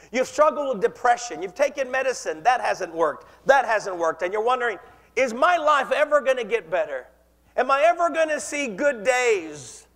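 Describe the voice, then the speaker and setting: A man preaches a sermon, his voice sitting high for a man. He speaks with impassioned conviction and leads the congregation in call-and-response. His words ring through a reverberant church hall. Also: fairly bright tone. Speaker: pastor.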